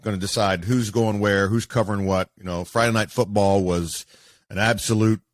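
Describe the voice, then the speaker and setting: A man, a sportscaster, telling stories casually as an interview guest in an animated way with many fillers. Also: on the low side, normal speed, no echo, clean studio sound. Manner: animated, acts out quoted voices, many fillers.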